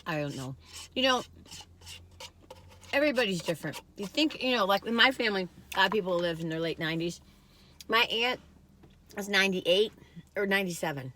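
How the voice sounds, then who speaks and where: A chatty older woman in her sixties, talking to her viewers while she eats. Her voice is bright and forward, and she rambles from thought to thought, jumping from loud excited bursts to quiet musing. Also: mid-range voice, a little fast, pauses often, slight background noise. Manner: chatty, rambling, wandering storytelling. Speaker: food vlogger. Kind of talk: casual taste-test chat.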